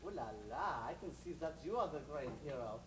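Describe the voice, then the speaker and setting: A hammy mock-French informant, played by a woman on stage, sliding between a put-on French accent and a put-on German one with a lively, swooping voice. The sound is roomy and comes from far off the mic, with steady noise underneath. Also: deep voice, fairly quick. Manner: hammy, theatrical. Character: woman playing a fickle fake-French informant. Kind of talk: amateur stage comedy.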